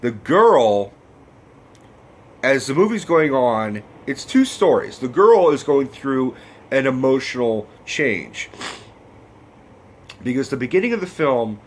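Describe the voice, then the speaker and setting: A man's voice: medium pitch, slight background noise. A man giving a casual, rambling film review, swearing freely and getting emotional. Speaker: movie review vlogger.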